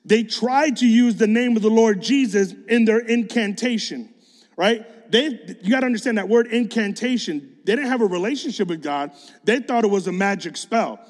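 A man preaching a sermon in a high-pitched voice. He tells stories in loose, casual slang. His words ring out with a long hall reverb.

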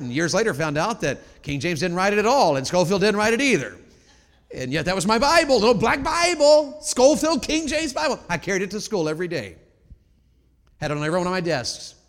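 Preacher in a reverberant hall. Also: male voice, on the high side. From Tennessee. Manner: dynamic preaching, shifting from loud exhortation to quiet storytelling. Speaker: pastor. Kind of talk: sermon.

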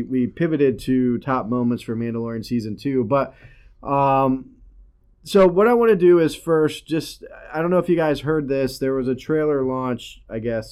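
A man hosting a podcast in casual chat, easygoing and quick to laugh. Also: mid-range voice, a little mellow, clear, resonant tone. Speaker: podcast host.

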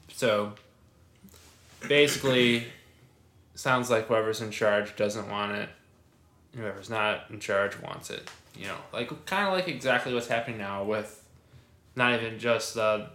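A man's voice: mid-range voice, pushed and bright, roomy sound. A young man co-hosting a casual podcast, reading news passages aloud and joking around in between. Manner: loose, joking, reads article passages aloud. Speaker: podcast co-host.

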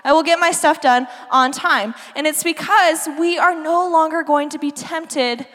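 Bubbly high-voiced young woman preacher. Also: measured pace, fairly bright tone. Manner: bubbly, chatty, talks straight to the kids. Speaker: youth pastor. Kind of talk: youth group sermon. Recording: long hall reverb.

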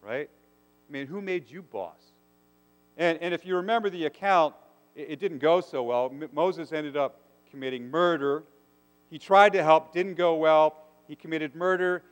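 Guy preaching in a big church, kinda high voice, long echo tail. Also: moderate pace, smooth. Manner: earnest, asks the congregation rhetorical questions. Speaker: pastor. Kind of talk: sermon. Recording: long hall reverb.

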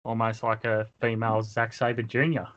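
A man's voice: medium pitch, flat delivery, normal speed, fairly bright tone, lo-fi sound. A man co-hosting a casual wrestling podcast, moving the talk along and asking questions. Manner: steers the talk, asks questions. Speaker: podcast co-host.

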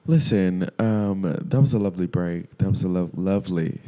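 A man's voice: low-pitched, normal speed, a crowd in the background. A man interviewing a podcast host, talking expressively with lots of likes and restarts. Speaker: guest interviewer. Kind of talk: casual podcast chat.

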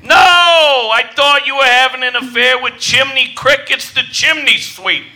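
A man's voice: extremely high pitch, measured pace, sharp tone, exaggerated voice. A man playing a lovesick butler in a melodramatic, put-on posh manner, in a comedy audio skit. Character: dramatic, lovesick male butler.

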